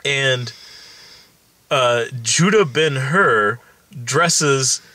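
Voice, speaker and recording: Bright-voiced rambling male film reviewer. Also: medium pitch, drawn-out words, no room sound. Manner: rambling, filler-heavy, swears casually. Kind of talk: casual film review chat.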